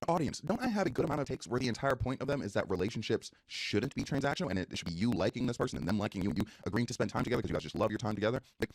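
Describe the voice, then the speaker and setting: A young man streaming, ranting in a casual, animated way that leans heavily on filler words. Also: medium pitch, vocal fry, slightly rough, no room sound. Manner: fast, animated, heavy use of "like". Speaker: streamer and YouTuber. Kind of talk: casual live-stream rant.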